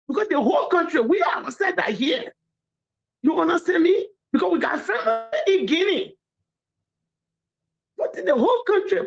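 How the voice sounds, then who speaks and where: A woman calling a radio show, hoarse from a cold and emotionally distressed. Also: very high voice. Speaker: caller. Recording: muffled phone line.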